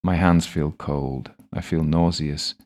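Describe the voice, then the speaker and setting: A man calmly narrating a first-person audiobook story in a measured way. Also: extremely low pitch.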